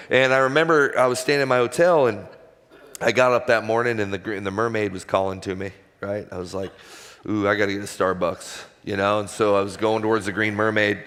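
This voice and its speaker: A man in his forties, a former baseball pitcher, sharing a candid, self-deprecating personal story as a guest speaker at a church. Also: fairly bright tone, long reverb tail. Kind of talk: personal testimony talk in church. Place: church auditorium stage.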